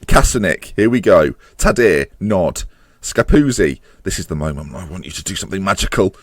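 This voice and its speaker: Guy yelling at his football manager game, swings high and low all over, dry close sound. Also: normal speed, no echo. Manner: excitable, voice climbs high-pitched as chances near; swears and groans at the match. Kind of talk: live let's-play commentary.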